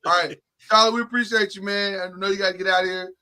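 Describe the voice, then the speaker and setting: A man's voice: high-pitched, steady tone, quick pace, pushed and bright. A man hosting a casual sports podcast, talking emphatically and laughing often. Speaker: podcast host.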